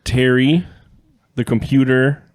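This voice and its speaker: A man chatting on a podcast in a small studio, medium-pitched and teasing. He laughs readily and cuts in over the others as the banter gets going. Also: fairly even intonation, takes it slowly. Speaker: podcast co-host. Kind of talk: casual chat.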